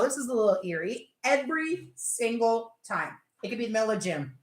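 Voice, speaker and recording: A woman hosting a casual livestream chat, animated and rambling, often exasperated. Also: sits high. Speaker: livestream host. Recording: echoey room.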